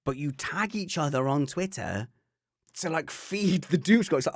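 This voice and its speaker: A podcast co-host with a fairly high, lively voice tells a wry, rambling anecdote at a moderate pace, often cutting himself off to restart sentences mid-thought. The recording is clean studio audio with no room sound.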